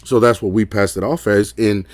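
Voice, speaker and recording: Calling in to describe an encounter, a middle-aged man from Texas talks at normal speed in a lowish, fairly even voice. His telling is loose and rambling, packed with fillers and "right?", over a faint hiss or hum.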